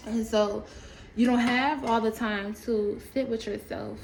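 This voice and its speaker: Animated, profane woman ranting. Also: fairly high pitch, a little slow, slight background noise, poor audio. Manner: animated, profane, rambling, with laughs. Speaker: storytime creator. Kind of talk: casual rant to camera.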